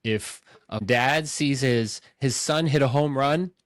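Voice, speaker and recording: A man hosting a casual movie podcast, telling stories in an excitable, animated way. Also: medium pitch, slow, no room sound, clean studio sound. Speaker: podcast host.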